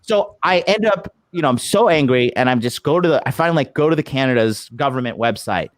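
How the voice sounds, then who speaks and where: A man ranting through a travel story on a podcast, swearing freely and jumping into voices for the people he argued with. The sound is dry and close, with no room around him. He is loose and heated, and the story never slows down. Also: mid-range voice, no room sound. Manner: profane, animated retelling with acted quotes. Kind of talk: casual storytelling. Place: lives abroad in Japan.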